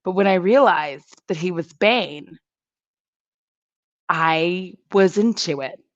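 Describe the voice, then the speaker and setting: Taking it slowly, a woman with a lowish voice talks casually to her live-stream viewers as a YouTuber, giggling and rambling with many fillers. There's no room sound, but the recording is muffled.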